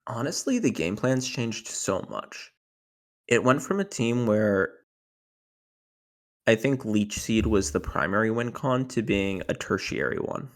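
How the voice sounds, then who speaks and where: A young man talking casually in an interview about his tournament run, rambling with lots of fillers and getting animated when retelling moments of panic. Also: fairly low pitch, measured pace. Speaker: tournament winner guest.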